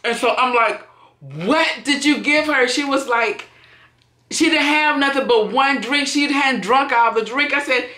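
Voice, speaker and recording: A woman's voice: high voice, unhurried. A woman vlogger telling a casual story while wrapping gifts, acting out what people said, recorded in an echoey room. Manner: animated, acts out quotes.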